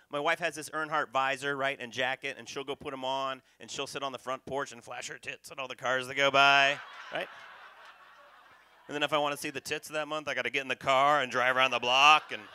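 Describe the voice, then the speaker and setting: A man performing a stand-up comedy set on a club stage, talking punchily and working the crowd loudly. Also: medium pitch, smooth. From North Carolina, USA. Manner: punchy, loud crowd work.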